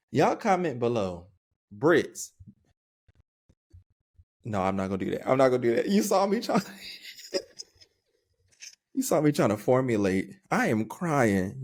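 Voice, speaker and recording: A young adult man co-hosting a podcast in casual, slangy chat. He laughs often and talks with an easygoing, animated manner. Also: medium pitch. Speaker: podcast co-host.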